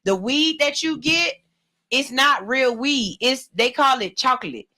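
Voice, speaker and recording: Woman radio host, high bright voice, hype-heavy, jokey, studio interview. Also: measured pace. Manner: animated, joking, slangy, shouts and hype calls. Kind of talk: casual radio interview banter.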